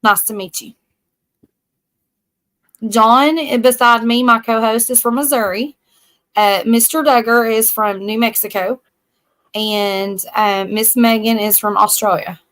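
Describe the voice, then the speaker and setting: A woman's voice: a little high, steady tone, unhurried, pauses often, a bit bright. A woman from Tennessee with a Southern accent, hosting a casual live stream chat, frank and chatty, often restarting her sentences. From Tennessee, USA.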